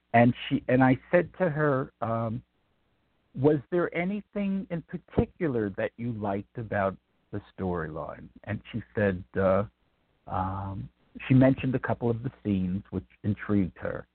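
A man's voice: fairly low pitch, breathy edge, no echo. A man in his eighties from Brooklyn, an author answering interview questions in a rambling, reflective way with many ums and restarts. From Brooklyn, New York. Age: 80s. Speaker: author guest. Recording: tinny dry phone line.

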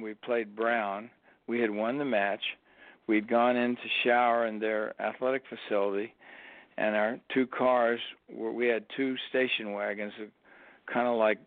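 A man's voice: mid-range voice, no room sound. An older man, a retired college tennis coach, telling stories as an interview guest and acting out the quotes. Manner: animated storyteller who acts out quotes. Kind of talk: storytelling interview. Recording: dry phone-like line.

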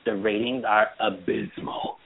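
A man's voice: fairly low pitch, measured pace, creaky. A man hosting a podcast in casual chat, telling stories with lots of laughter. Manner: animated storyteller, laughs often. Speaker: podcast host. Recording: phone-like narrow band.

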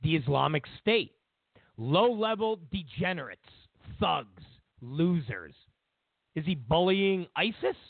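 A man's voice: a little high, sing-song, slow, creaky, no room sound. A man hosting a talk radio show, ranting and mocking in a repetitive way. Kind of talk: talk radio political commentary. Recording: tinny phone line, dry.

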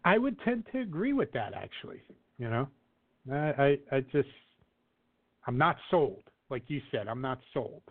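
A man's voice: mid-range voice, very animated, normal speed. A man co-hosting a casual sports talk show, rambling with lots of fillers and restarts. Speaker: podcast co-host. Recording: tinny phone-like audio.

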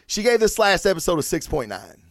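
A man's voice: high voice, a little fast, no echo, studio quality. A man hosting his own podcast, ranting casually with lots of swearing and restarts. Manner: profane, animated, rambling with restarts. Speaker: podcast host. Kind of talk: casual solo podcast rant.

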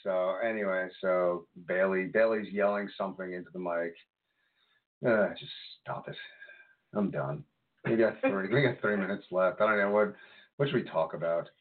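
A man co-hosting a podcast, chatting casually about wrestling in an animated, exasperated way. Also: deep voice, fairly quick. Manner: animated, exasperated ranting, breaks into laughter. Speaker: podcast co-host. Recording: tinny phone-like audio.

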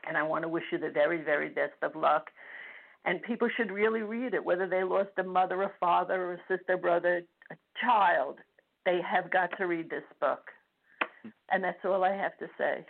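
An older woman calling in to a radio show, speaking emotionally with halting restarts, heard over the phone. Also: on the low side, vocal fry. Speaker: caller. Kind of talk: phone-in call. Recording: tinny phone line.

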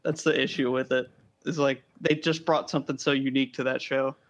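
A man on a casual podcast, laughing often and telling quick stories. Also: mid-range voice, fairly even intonation, muffled recording. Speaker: podcast guest.

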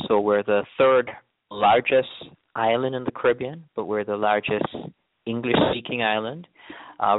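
A tourism board guest with a low-leaning voice and a mildly softened Jamaican accent responds to interview questions in a relaxed manner, using many fillers and restarts. The phone line sounds dry and tinny.

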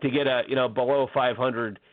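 A man's voice: medium pitch, steady tone, fairly quick, no room sound. A man talks college basketball in a loose, rambling way, piling up fillers and restarting his sentences. His voice comes through dry and tinny, like a phone line. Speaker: sports blogger. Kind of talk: casual sports podcast chat.

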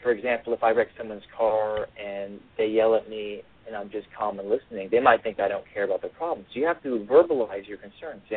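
A man's voice: fairly low pitch, a little fast, hardly any pauses, breathy edge. A male author giving a radio interview over the phone, earnest and repeating his phrases as he explains. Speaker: author and guest. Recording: tinny phone line.

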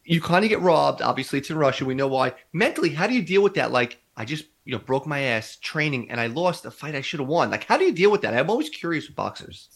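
A male podcast host asking questions in an excitable, chatty and emphatic way. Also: fairly high pitch, fast, gravelly, hardly any pauses. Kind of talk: casual interview questions.

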